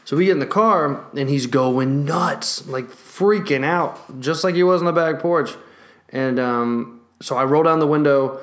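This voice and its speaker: A young man telling a story in a casual vlog, animated, swearing heavily and laughing between lines. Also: on the high side, unhurried. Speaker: vlogger.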